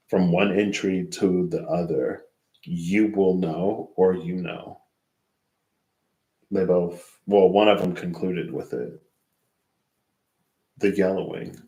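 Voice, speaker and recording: Very deep, slow male tarot reader, drowsy and rambling, in an echoey room. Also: a little mellow. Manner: rambling, thinks aloud and loses track mid-sentence. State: sleepy, yawning. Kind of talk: casual tarot reading, reading guidebook aloud.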